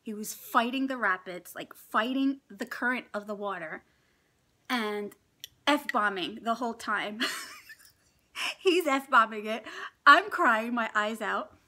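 A middle-aged woman vlogger telling a story in casual chat, animated and laughing often as she acts out what people said. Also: on the high side, slow pace, pauses often. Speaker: mukbang vlogger.

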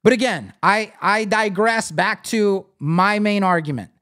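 Speaking at a measured pace, this high-voiced man runs a live screen-share tutorial on web design. He clicks through a site builder, casually and animatedly explaining things and addressing his viewers.

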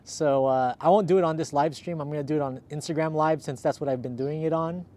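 A man's voice: fairly high pitch, fairly even intonation, quick pace, a little mellow, a little hiss or hum. A chatty man from Southern California hosts a casual livestream outdoors, upbeat and thanking viewers one by one. He is slightly out of breath. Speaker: livestream host. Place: outdoors in cold weather.

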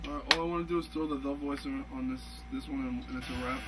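A man, a band's vocalist, in casual profane studio banter, joking and breaking into shouts. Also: medium pitch, fairly even intonation, fast. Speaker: band vocalist. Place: recording studio. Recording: loud music and noise in studio.

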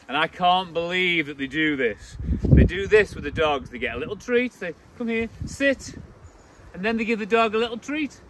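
A man giving blunt, opinionated dog-training advice to camera, outdoors. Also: background noise. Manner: blunt, opinionated, mocks baby talk in a high voice.

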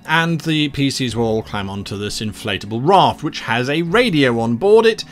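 Man, game master, explaining adventure design, lively pitch, rambling asides, faint background music. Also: moderate pace. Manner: rambling, animated, many asides.

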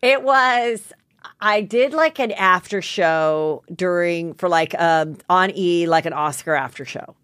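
A woman's voice: fairly low pitch, takes it slowly, fairly bright tone, no echo, clean studio sound. A woman in her forties hosting a podcast, telling rambling stories with frequent laughs and casual swearing. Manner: rambling storyteller, swears freely, laughs often. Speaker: podcast host. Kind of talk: casual chat.

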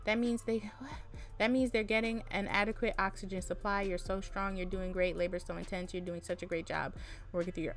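A woman giving expressive, chatty game commentary, full of casual slang, quick exclamations and laughter. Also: mid-range voice, creaky. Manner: casual slang-heavy talk. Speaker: gaming content creator. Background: faint background music.

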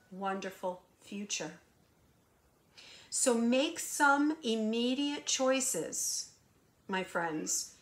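A woman who works as a hypnotherapist and intuitive channeler gives a spiritual guidance monologue in a slightly high voice. She preaches emphatically through rhetorical questions, shifting between hushed asides and raised emphasis.

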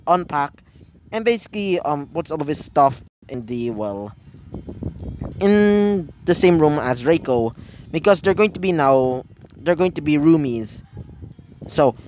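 A man telling a fan story off the cuff, rambling and stopping to correct himself, packed with fillers. He talks slowly, and a faint noise hisses behind him. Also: a little high, a little mellow, poor audio. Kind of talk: casual fan-fiction storytelling.

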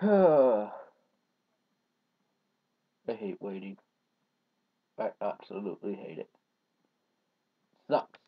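A man rambling casually to his viewers in a vlog, trailing off into low mumbles and then bursting into loud rants. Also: big pitch swings, extremely slow, long pauses, breathy edge. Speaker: vlogger. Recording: dull lo-fi home recording.

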